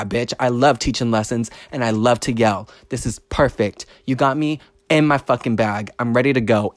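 A man hosting a podcast, telling a personal story in a casual monologue, blunt and profane, his voice rising in pitch when he gets fired up. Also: normal speed, few pauses, no echo. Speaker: podcast host.

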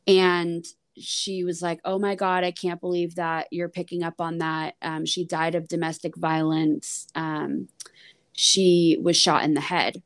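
A woman's voice: on the low side, flat delivery, measured pace. A woman podcast guest in casual chat, talking loosely with lots of fillers. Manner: conversational, lots of "like" and "um". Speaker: podcast guest and psychic reader.

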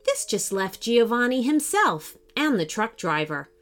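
A woman's voice: on the high side, unhurried. A woman hosting a children's podcast, expressively narrating a storybook adventure. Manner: animated, expressive.

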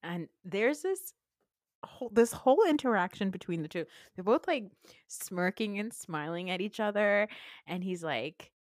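A woman's voice: mid-range voice, animated, normal speed, a little mellow, no echo, studio quality. A woman co-hosting a podcast, chatting casually and animatedly, acting out quotes and laughing often. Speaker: podcast co-host. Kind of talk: casual recap chat.

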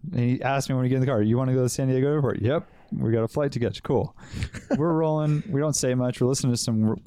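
A man's voice: mid-range voice, warm tone, dry recording. A man co-hosting a casual podcast chat, telling a story in a laid-back way with laughs and swearing. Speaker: podcast co-host.

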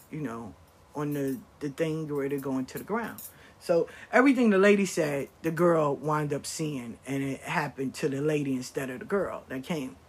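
Husky woman telling a profane story. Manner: profane, animated, swings between loud bursts and low murmurs. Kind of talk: storytelling talk.

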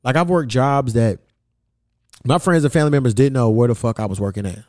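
A man's voice: mid-range voice, a little fast, darkish tone, no echo, studio quality. A man hosting a podcast in casual chat, telling stories bluntly and cursing constantly. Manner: blunt, profane storytelling. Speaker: podcast host.

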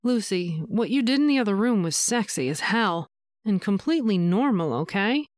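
A tender, reassuring man speaks gently to his partner, as a woman narrator puts him on. The voice is smooth and clean in a dry, close recording, patient and soft-spoken. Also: mid-range voice, lively intonation, normal speed, dry recording, lightly acted. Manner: gentle, soothing explanations. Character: reassuring adult male lover, tender.

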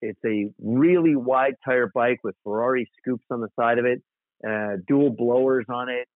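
Guest, male, from South Dakota; animated storyteller, mid pitch, phone-quality dry audio. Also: normal speed, no echo. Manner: animated, rambling storyteller with fillers. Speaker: guest, custom motorcycle builder. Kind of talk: casual storytelling interview. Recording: tinny dry phone-like line.

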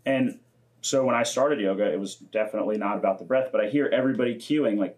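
Twenties male host, low-pitched, laid-back, salty storyteller. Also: fast, a little mellow. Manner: laid-back, swears often, acts out quotes. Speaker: podcast host. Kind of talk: casual podcast chat.

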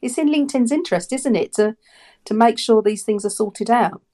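A woman's voice: fairly high pitch, fairly quick, dark tone. A woman guest on a podcast, a personal branding coach, talking earnestly with many restarts. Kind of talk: casual podcast chat.

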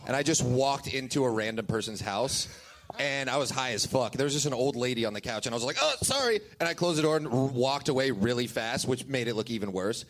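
A man's voice: medium pitch, fast talker. A young man hosting a live comedy show on stage, telling stories and acting out voices. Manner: animated storytelling with acted-out voices. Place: stage before a live audience.

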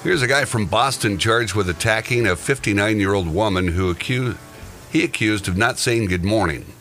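A man's voice: on the low side, normal speed, fairly bright tone, faint music behind. A man hosting a podcast, reading odd news stories and joking about them with a co-host. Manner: reads odd news items then jokes about them. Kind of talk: casual news chat.

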